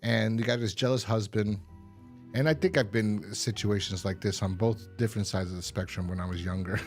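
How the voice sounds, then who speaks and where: A man's slightly mellow, lowish voice moves a little fast with fairly even intonation over soft background music. He's a podcast co-host in a casual review chat, telling rambling stories and laughing frequently.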